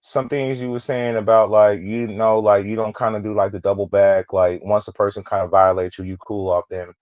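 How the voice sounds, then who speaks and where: A man's voice: on the low side, level tone, fairly quick, no echo. A man from California, a guest on a live stream, telling a story in a laid-back way and laughing things off. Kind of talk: casual live stream chat. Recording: dull, lo-fi call-in audio.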